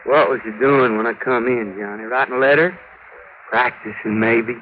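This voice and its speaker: A man's voice: medium pitch, fairly even intonation, normal speed, phone-quality sound, slight background noise, natural voice. A man playing a drunk, wheedling gunman who talks in a slurred drawl, in 1940s radio acting, on an old broadcast recording. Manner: sly, pleading, menacing.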